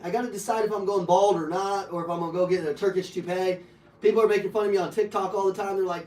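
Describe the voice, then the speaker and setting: A man in his thirties giving a live sales training to an audience, loud, joking and profane, full of energy. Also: sits high. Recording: echoey room, heard from a distance.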